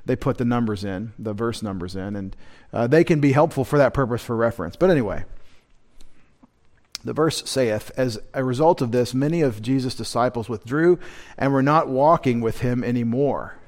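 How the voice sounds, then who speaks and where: Man preaching a teacherly sermon. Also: normal speed. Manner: teacherly, rises in pitch and loudness to stress key words; wry asides to the congregation. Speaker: pastor. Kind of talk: midweek sermon. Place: church.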